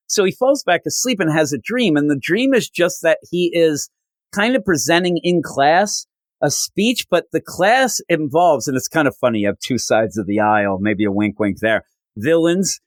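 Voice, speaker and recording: A man hosting a comics podcast, recapping a story with animated storytelling and acted-out quotes. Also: fairly high pitch, dry recording. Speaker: podcast host. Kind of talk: casual comic review recap.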